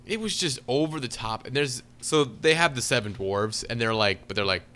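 A man's voice: medium pitch, lively intonation, moderate pace, bright, forceful tone. A man co-hosting a podcast, giving a sarcastic, exaggerated movie review in casual chat. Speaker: podcast co-host.

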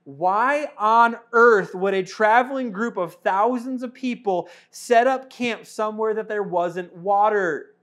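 Male pastor with a high voice, conversational, animated sermon delivery. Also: slow. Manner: conversational, animated, rhetorical questions.

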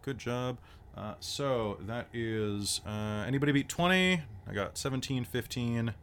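Chatty, bright-voiced game master. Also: male voice, mid-range voice, measured pace, a little hiss or hum. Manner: chatty, many fillers and self-corrections. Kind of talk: narrating a tabletop game.

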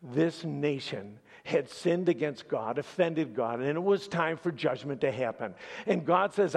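A male pastor preaching a sermon as an animated storyteller with dramatic pauses. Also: a little high, gravelly.

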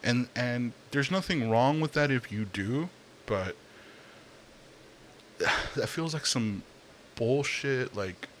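A man's voice: medium pitch, expressive, takes it slowly, pauses often, noisy background. A young man ranting casually in a profane, rambling monologue, with fillers and sighs. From Latino, Spanish speaker.

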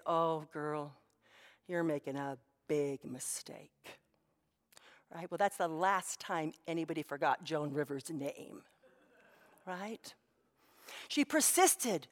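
Woman pastor preaching in a reverberant hall. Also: mid-range voice. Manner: storytelling, conversational with many asides. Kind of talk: sermon.

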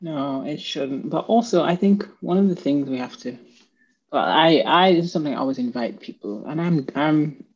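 A podcast host speaking slowly and reflectively in casual conversation, sometimes losing the thread. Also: mid-range voice, lively intonation, slightly rough. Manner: slow, reflective, loses the thread at times. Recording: dull lo-fi sound.

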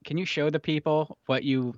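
A man's voice: a little high, steady tone, normal speed, no echo. Laid-back rambling man, dry dull sound. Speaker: podcast co-host. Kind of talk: casual chat. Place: makeshift recording booth in a basement.

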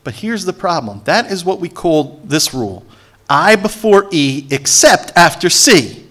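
A male pastor delivers an animated sermon in a slightly high, bright voice. His pitch leaps and falls as he moves between teaching and playing the characters in the text, with pointed sarcasm and calls for the congregation to respond. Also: unhurried.

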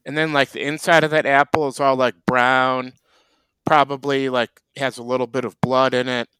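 A man co-hosting a comedy chat, delivering deadpan, mock-serious rants. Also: mid-range voice, normal speed, clean tone, dry recording. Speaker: co-host.

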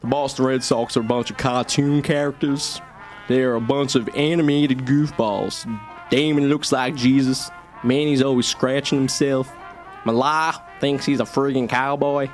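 A man voicing a blunt baseball player at a press conference in a comedy radio sketch, speaking in flat, repetitive statements. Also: mid-range voice, moderate pace, faint music behind, pitched below the performer's own voice, close to an everyday voice. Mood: deadpan.

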